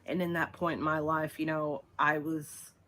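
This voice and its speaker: A woman in a played vlog clip, talking haltingly and anxiously about her feelings. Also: low-pitched, flat delivery, sharp tone. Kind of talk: personal confessional vlog.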